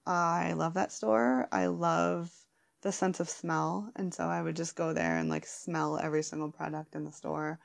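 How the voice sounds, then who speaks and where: Female guest, low gravelly voice, giggly and rambling answers. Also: expressive, moderate pace. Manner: giggly, rambling, many fillers and restarts. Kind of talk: casual chat.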